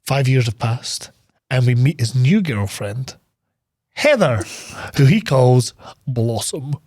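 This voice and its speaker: A man's voice: mid-range voice, expressive, takes it slowly, darkish tone, no room sound, studio quality. A young man co-hosting a casual film chat, rambling and swearing with lots of fillers. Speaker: podcast co-host.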